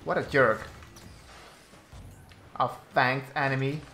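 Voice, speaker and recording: Slow-talking man commentating gameplay. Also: mid-range voice, steady tone, pushed and bright, reverberant, a little hiss or hum. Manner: slow, halting commentary with frequent restarts, exasperated at teammates. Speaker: gaming YouTuber.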